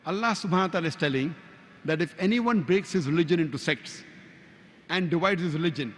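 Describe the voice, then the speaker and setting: High-voiced man preaching in a reverberant hall. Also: lively intonation, a bit bright, slight background noise. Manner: emphatic, cites scripture verses by number; recites Arabic verses rapidly. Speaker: Islamic preacher. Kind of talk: religious lecture.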